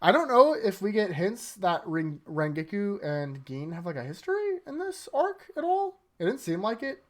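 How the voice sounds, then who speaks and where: A man's voice: high voice, normal speed, hardly any pauses. A man hosting an anime rewatch, recapping episodes in a rambling, casual way full of fillers. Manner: rambling, filler-heavy, animated retelling.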